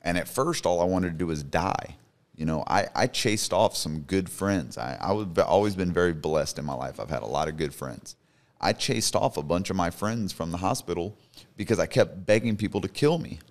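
A man's voice: sits low, lively intonation, moderate pace. A man in his thirties, a podcast guest, telling his personal story in an earnest, emphatic way. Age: 30s. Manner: earnest, emphatic, repeats for stress.

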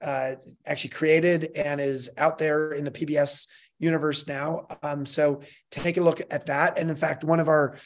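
A man's voice: fairly high pitch, little pitch movement. Upbeat laughing male host. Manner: upbeat, laughs often, brisk announcements. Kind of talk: live online fireside chat.

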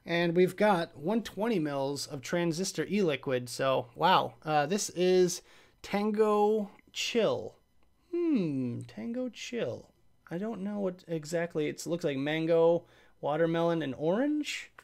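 A young man talks to his live-stream viewers in a loose, rambling way. His voice sits a little high for a man. He reacts aloud, trails off and restarts as he opens and tries the mail he was sent. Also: lively intonation, measured pace, vocal fry, a little mellow. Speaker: host of a live vape review show. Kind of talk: casual live-stream chat, unboxing mail.

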